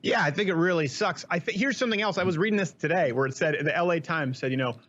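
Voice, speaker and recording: A man, a guest on an interview show, talking fast and joking about politics in a casual chat. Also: a little high, a bit bright, lo-fi sound.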